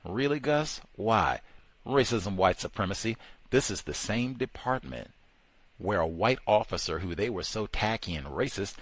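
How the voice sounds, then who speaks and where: A man's voice: fairly low pitch, lively intonation, moderate pace, breathy edge, no echo, low-quality recording. A man hosting a radio talk show, giving impassioned, sarcastic commentary and drawing out key words for emphasis.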